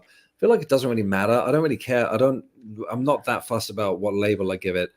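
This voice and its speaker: A man's voice: medium pitch, lively intonation, fast, a little mellow. A man, a guest on an interview, telling his experiences in a reflective, candid way. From England. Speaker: guest medium. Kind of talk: casual interview chat.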